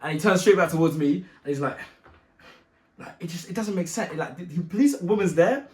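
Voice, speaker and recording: A young man telling a personal story in a casual, animated, slangy way, often exasperated and quick to laugh. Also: high-pitched, reverberant.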